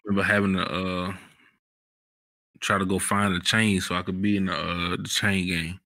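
A man hosting a podcast, talking in a relaxed, slangy way about wrestling memories, jumping up in pitch when excited. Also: moderate pace, dry recording, clean studio sound. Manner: relaxed slangy storytelling, bursts of high excitement. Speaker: podcast host. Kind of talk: casual chat.

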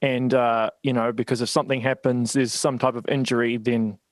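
A man's voice: medium pitch, level tone, brisk, no echo. New man with dry sound. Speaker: podcast host. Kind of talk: casual interview questions.

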